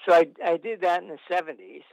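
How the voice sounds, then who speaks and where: A man's voice: sits high, steady tone, quick pace, gravelly, clean tone, dry recording, poor audio. A man telling long anecdotes as an interview guest, rambling with fillers and restarts.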